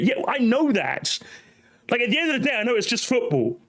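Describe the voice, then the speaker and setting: Young guy ranting over clips, swears a lot, high voice that swings all over. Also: big pitch swings, fairly quick. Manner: ranting, mocking, profane, laughing. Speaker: commentary host. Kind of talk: reaction commentary.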